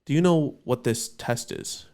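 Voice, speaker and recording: A man playing a stern older man who asks curt, flat questions in a low, quiet voice. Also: a little slow, creaky, clean tone. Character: stern, unsmiling older man running a stress test.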